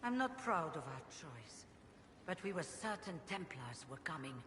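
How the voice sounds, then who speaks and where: A woman voicing an older female former rebel mage, speaking in a measured, wistful and regretful way. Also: deep voice, very animated, a bit bright, a little hiss or hum. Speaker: game character. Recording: game audio with long reverb and ambience.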